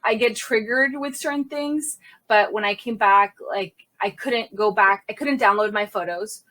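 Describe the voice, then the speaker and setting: Woman CSI as podcast guest, mid-pitched, recounting a scene in a vivid, self-correcting conversational telling. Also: sharp tone. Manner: vivid retelling, quick restarts and self-corrections. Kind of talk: personal storytelling in conversation.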